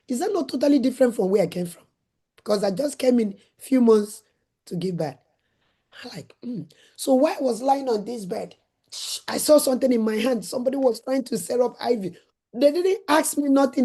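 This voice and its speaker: Middle-aged Nigerian woman host, dark warm tone, animated storyteller. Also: on the high side, slightly rough. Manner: acts out her own shouted lines in a raised voice. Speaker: host, former nurse and midwife.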